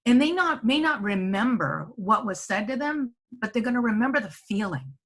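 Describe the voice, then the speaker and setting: A woman's voice: fairly high pitch, expressive, normal speed, fairly bright tone. A middle-aged woman giving a webinar presentation from home in a conversational way, often checking in with "right?". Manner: conversational, tags points with "right?". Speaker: senior living presenter. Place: home office.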